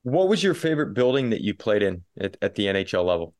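A man's voice: on the low side, very animated, fast, darkish tone. A man hosting a sports interview, asking long, winding questions with many fillers. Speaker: interviewer, host.

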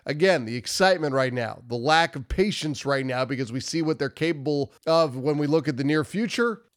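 With a little high, brisk voice made nasal by a cold, a male hockey commentary host delivers post-game analysis. He's emphatic and repetitive, and he trips over his words.

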